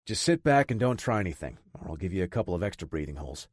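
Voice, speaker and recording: A man voicing a hardened male special operative who talks in a gruff, no-nonsense, menacing way. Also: low voice, big pitch swings, quick pace, dry recording, studio quality, pitched below the performer's own voice. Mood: gruff, threatening.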